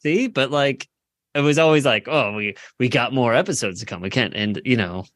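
A man's voice: mid-range voice, moderate pace, fairly bright tone, no echo, studio quality. A man co-hosting a podcast in casual chat, hesitant and full of fillers. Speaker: podcast co-host.

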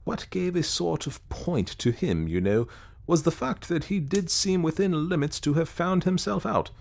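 A man narrating an old-fashioned ghost story in an expressive storytelling manner. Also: fairly high pitch, moderate pace, vocal fry, a little hiss or hum.

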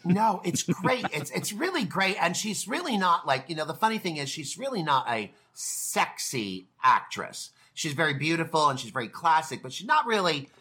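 Lively, husky-voiced man chatting about films. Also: fairly high pitch, moderate pace, few pauses. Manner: enthusiastic, chatty, trails off and restarts. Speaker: podcast co-host. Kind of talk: casual film discussion.

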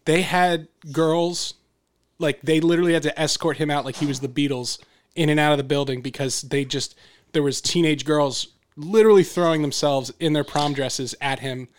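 Smooth-voiced chatty male podcast host. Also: on the high side, fairly even intonation. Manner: chatty, rambling, quick to laugh. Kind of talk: casual podcast conversation.

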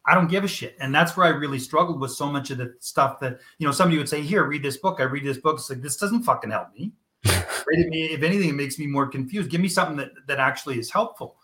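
A man's voice: on the high side, fast, sharp tone. A middle-aged man speaking as an interview guest about his youth program, blunt and emphatic, swearing freely. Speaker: guest, founder of a youth mental-health program. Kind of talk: candid interview talk.

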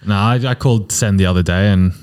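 A man's voice: low voice, fast, darkish tone. A man, co-hosting a podcast with joking banter and acting out the phone calls he describes. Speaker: podcast co-host. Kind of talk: casual chat.

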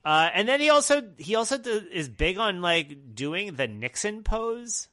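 Bright giggly rambling man. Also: high voice, sing-song, measured pace. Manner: rambling, giggly, does mocking quoted voices. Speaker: podcast co-host. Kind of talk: casual chat.

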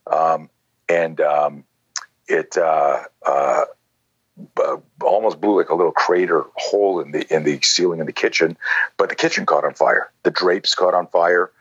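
A low, husky-voiced man in his sixties talks through a story in loose, rambling fashion, leaning on "you know" and "like" as he goes. The recording is dry and a little muffled. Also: steady tone, measured pace, fairly bright tone, no echo. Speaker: self-defense instructor, guest. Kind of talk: conversational storytelling.

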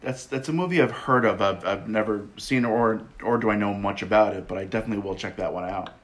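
Fast-talking teasing man. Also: fairly low pitch. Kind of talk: casual film chat.

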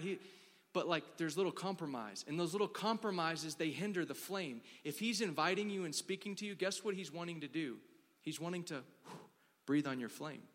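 A man's voice: high-pitched, fairly bright tone. A man from Dallas preaching a sermon, telling a story in a casual, chatty way with lots of "like" and acted quotes. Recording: long hall reverb.

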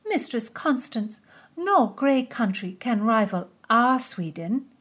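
A woman voices a proud, homesick lady who laments in a raised voice, pitching herself above her natural range in a heavily acted performance. Her voice is fairly high and fairly bright, with lively intonation, and she takes it slowly.

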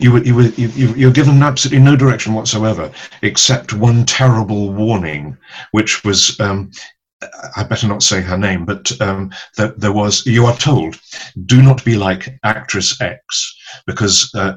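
An older man recounts his acting days in an unhurried interview. His voice sits a little low and has a husky edge. He keeps pausing with ums and circling back on his words as the story unfolds. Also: rough recording. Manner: storytelling, halting with many ums and restarts. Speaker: actor, guest. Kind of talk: relaxed interview anecdotes.

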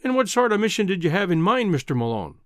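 A man voicing a brisk older male newspaper news editor, dry and clipped with a teasing edge. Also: high voice, very animated, no echo. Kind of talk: audiobook character reading.

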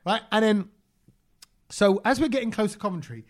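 A man co-hosting a podcast, telling an animated story in casual chat and acting out both sides of the conversation. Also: high voice, moderate pace. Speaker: podcast co-host.

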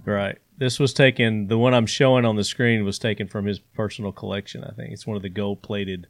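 A man hosting a casual podcast discussion, chiming in with relaxed, easygoing remarks. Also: on the low side, brisk, gravelly. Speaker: podcast host.

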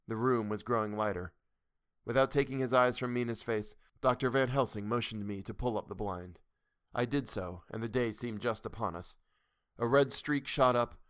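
A man reading a classic novel aloud in a measured, steady storytelling voice. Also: lowish voice, clean tone, dry recording, studio quality. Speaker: audiobook narrator. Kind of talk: audiobook reading.

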